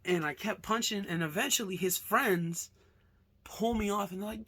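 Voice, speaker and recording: A young man from Alaska, casually telling a storytime, animated and swearing, acting out punches with sound effects. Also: sits high, normal speed, breathy edge. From Alaska, USA. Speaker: vlogger.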